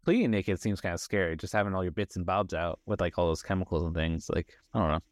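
A man's voice: deep voice, quick pace, no echo, clean studio sound. A man co-hosting a podcast, chatting casually and rambling, swearing freely. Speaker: podcast co-host. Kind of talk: casual chat.

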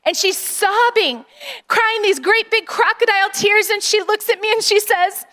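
High-voiced woman pastor preaching a sermon. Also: unhurried, bright, forceful tone. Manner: earnest, rallying congregation.

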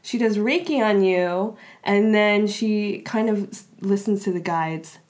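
A woman's voice: medium pitch, unhurried, a little mellow. Chatty woman telling a personal story. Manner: chatty, frequent "like" fillers and restarts. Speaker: interview guest. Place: Los Angeles area.

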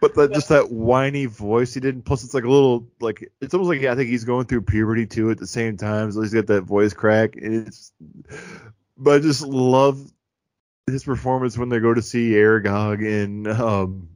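A man's voice: mid-range voice, fairly even intonation, moderate pace, a little mellow, no echo. A man chatting casually and enthusiastically about a film as a podcast co-host, joking as he goes. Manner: enthusiastic, joking, imitates characters.

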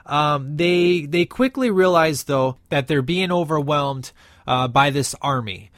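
A man's voice: on the high side, animated, unhurried, a bit bright, no echo, studio quality. A man giving a casual, enthusiastic movie review, rambling with many fillers and restarts.

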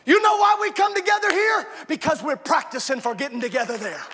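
A man preaching with fervor in a church sanctuary, his voice pitched very high and ringing bright. He shouts many lines to the congregation, and crowd murmur sits behind him. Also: big pitch swings, fairly quick, big-room sound, a little hiss or hum. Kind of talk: sermon.

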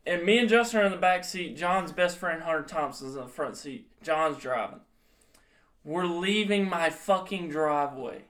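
A man's voice: on the high side, expressive, moderate pace, fairly bright tone. A young man casually telling a profane story to friends on a podcast, laughing as he goes. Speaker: podcast co-host.

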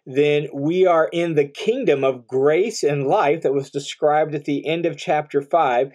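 A man's voice: fairly high pitch, a little mellow. A man teaching verse by verse through a Bible passage, earnest and explanatory, repeating key points for emphasis.

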